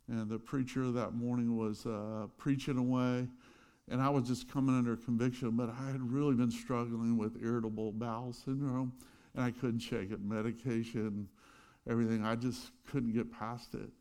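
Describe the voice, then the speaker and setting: A middle-aged man preaching a sermon, telling stories with loud bursts and quiet asides. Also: medium pitch, moderate pace, clear, resonant tone. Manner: animated storytelling, swings between loud bursts and quiet asides. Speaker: pastor.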